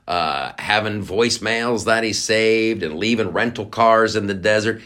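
A deep-voiced podcast host with a fairly bright tone goes on a sarcastic, profane political rant. He mocks people by putting on silly voices.

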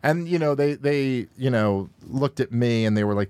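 A man's voice: expressive, normal speed, darkish tone, clean tone, no echo. A male podcast host reacting to a video clip, arguing back with exasperation that pushes his voice sharply upward as he rebuts. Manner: exasperated, rising sharply in pitch when rebutting. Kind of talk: argumentative commentary on a played clip. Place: podcast studio.

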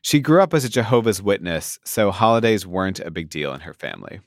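A man's voice: sits low, big pitch swings, quick pace, no room sound, clean studio sound. A man hosting a show, narrating between interview clips. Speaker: podcast host. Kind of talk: scripted narration.

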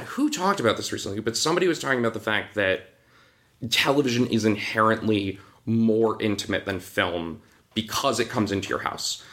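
A man's voice: on the low side, a bit bright. A man who writes for TV animation, telling behind-the-scenes stories in a casual podcast interview, acting out quotes and laughing often.

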